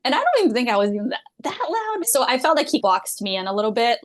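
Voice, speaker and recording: A woman who works as a dental hygienist, a guest on a podcast interview. She tells candid stories in a loud, giggly way, laughs often and swears casually. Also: on the high side, sing-song, quick pace, a little hiss or hum.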